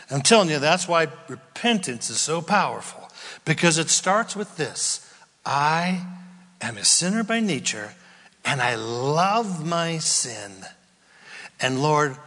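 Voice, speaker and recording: A man preaching a sermon, swinging from loud outbursts down to near whispers. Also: fairly high pitch, expressive, a little slow. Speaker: pastor. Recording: long hall reverb.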